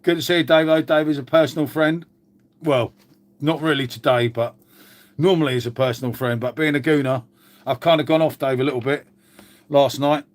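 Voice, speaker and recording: A man's voice: on the high side, fairly even intonation, moderate pace. A man hosting a casual live chat to viewers, glum and sweary, calling everyone mate. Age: older. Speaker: channel host.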